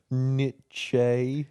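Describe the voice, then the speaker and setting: A man co-hosting a podcast in a laid-back, teasing casual chat, often trailing off quietly. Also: mid-range voice, smooth, no room sound, studio quality. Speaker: podcast co-host.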